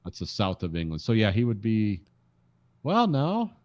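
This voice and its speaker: A man co-hosting a podcast in casual chat, relaxed and wryly amused. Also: fairly low pitch, moderate pace. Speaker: podcast co-host.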